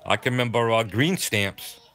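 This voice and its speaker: A man's voice: mid-range voice, fairly bright tone. Rambling older Massachusetts man. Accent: Southeastern Massachusetts. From southeastern Massachusetts. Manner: rambling, halting, full of fillers. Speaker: livestream host. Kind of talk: casual chat reading viewer comments.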